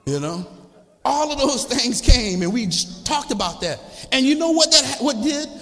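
A man preaching a sermon as a church's congregational director, impassioned and repetitive, building up to shouting. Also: extremely high pitch, very animated, normal speed. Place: church sanctuary. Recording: long church reverb.

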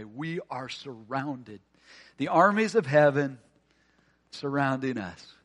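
Earnest man preaching a sermon. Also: fairly high pitch. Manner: earnest, conversational preaching with rhetorical questions and dramatic drops to a hush. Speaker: pastor.

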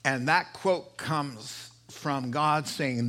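Male pastor, bright voice, slightly high pitch, preaching sermon, impassioned swings from hushed to emphatic. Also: lively intonation, unhurried. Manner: impassioned, rising to emphatic peaks, dropping to hushed asides.

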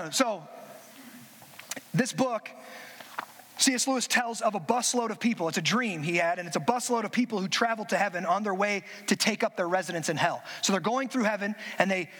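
A man preaching a sermon, speaking emphatically with drawn-out phrases and casual asides to the congregation. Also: high-pitched, fairly bright tone. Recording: reverberant hall.

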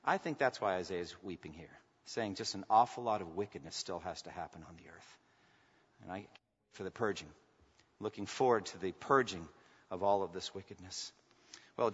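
A man preaching a sermon in a church, swinging from loud emphatic bursts to hushed asides. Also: on the low side, a little fast, breathy edge. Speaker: pastor. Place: church sanctuary. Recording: muffled sound in a reverberant hall.

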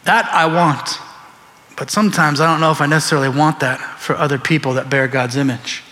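Guy pastor preaching, animated, acts out bible people, fairly high voice, big echoey church. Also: brisk. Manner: animated, acts out biblical figures in quoted voices. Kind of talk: sermon. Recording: long reverb of a large hall.

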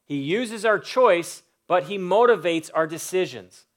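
A man's voice: sits high, animated, measured pace. A man preaching a sermon, building emphatic lists and stressing key words. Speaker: pastor.

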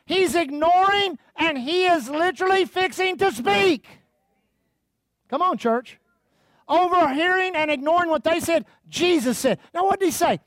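A male pastor preaching with fervor and calling out to his congregation. His voice sits very high for a man. The sound is dry, with almost no room echo. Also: expressive, normal speed, a bit bright. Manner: fervent, calls out to the congregation; reads scripture aloud. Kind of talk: sermon.

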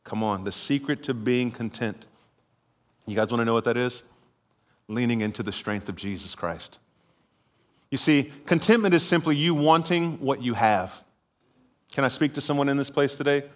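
A man preaching a sermon in church, telling a lively personal story with laughter before calling the congregation to respond. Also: medium pitch, normal speed, long pauses. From California. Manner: animated storytelling, laughing at himself, then preaching and calling for amens. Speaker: pastor. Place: church sanctuary.

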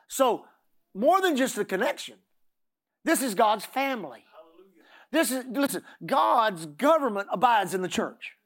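A man's voice: high-pitched, expressive, normal speed. A middle-aged man preaching a sermon, often repeating words and asking the congregation "Amen?".

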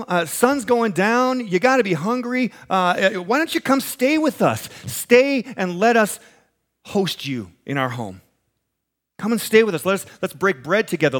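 This is a man preaching a sermon. His voice sits high and swings all over the place as he tells stories in a conversational way. He acts out the voices of the people in his stories. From American Midwest. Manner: animated storytelling, acts out quoted voices, chuckles. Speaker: pastor.

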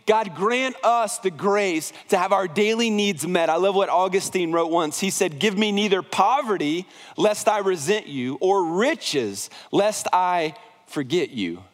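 A man's voice: high-pitched, expressive, unhurried. A male pastor preaching a sermon in a conversational way, often repeating words and restarting phrases. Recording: long hall reverb.

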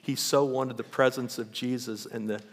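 Preaching in a church sanctuary with long hall reverb, a man with a mid-range voice and fairly even intonation speaks at a moderate pace. He's a pastor who tells Bible stories with animation, getting louder as he acts them out.

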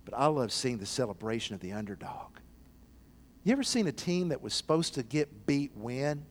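A male pastor preaching a sermon, dropping to quiet low passages and rising to loud, excited, shouted ones, acting out the people in the parables. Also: moderate pace, a little hiss or hum.

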